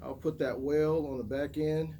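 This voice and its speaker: A man's voice: fairly high pitch, steady tone, normal speed, dark tone, slight background noise. A man, chatting to viewers in a self-mocking way while fishing by a river in a snow storm. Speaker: fishing vlogger. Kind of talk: casual outdoor vlog talk.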